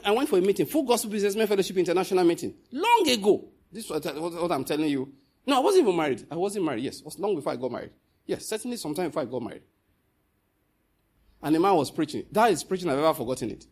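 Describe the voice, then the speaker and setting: Preacher guy, high husky voice, swings loud then low, very lively. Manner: animated, swings from loud scolding to low storytelling. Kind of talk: sermon.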